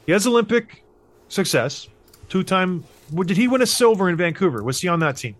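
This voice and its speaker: A man with a slightly high voice tells a story in a relaxed podcast chat. He is animated and acts out the people he quotes, jumping up and down in pitch. He sounds like a man in his thirties. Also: fairly quick. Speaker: podcast host, former hockey player.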